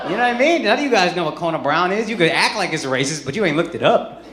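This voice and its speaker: A man's voice: high-pitched, very animated, fast talker. Brash profane man doing club crowd work. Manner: brash, profane, swings from mock outrage to shouting. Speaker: stand-up comedian. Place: comedy club stage with a live audience. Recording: roomy club sound with loud crowd laughter. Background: crowd laughter.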